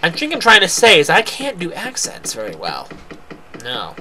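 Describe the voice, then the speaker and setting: A man's voice: high-pitched, huge pitch swings, normal speed, crowd noise. A tired man rambling through casual commentary on a farming game he is playing. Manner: rambling, self-deprecating, many restarts. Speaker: let's play host. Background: loud game music.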